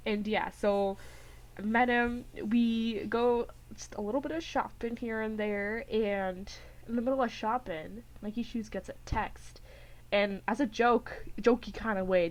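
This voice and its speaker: A young woman co-hosting a podcast, telling a rambling, giggly story in casual chat and acting out what people said. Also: fairly high pitch. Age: young adult. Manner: rambling, giggly, acts out quotes with voices. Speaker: podcast co-host.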